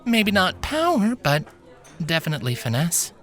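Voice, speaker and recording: A man voicing a young, eager female elf adventurer who talks confidently in a high voice. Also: huge pitch swings, normal speed, a bit bright, soft background music, heavily acted. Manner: confident and upbeat.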